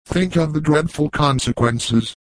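A man's voice: a little high, unhurried, no echo, lightly acted. A man reading the part of an anxious young woman in a storybook, imploring. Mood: pleading.

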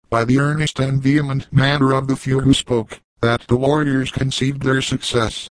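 A man reading a story aloud as narrator, in a measured, formal manner. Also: mid-range voice, no echo, rough recording. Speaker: audiobook narrator.

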